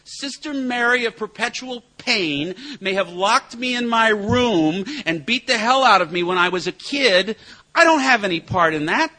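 A man's voice: sits high, sharp tone. A middle-aged man telling a recovery group about his own drinking, sponsor-style, with a wry, self-mocking humor and punchlines. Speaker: recovery meeting speaker and sponsor. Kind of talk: personal recovery talk to a group.

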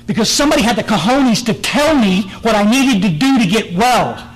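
A man's voice: sits high, animated, a little fast, low-quality recording. A middle-aged man from the Texas Hill Country, giving a blunt, earnest personal testimony at a recovery meeting, often restarting and repeating words.

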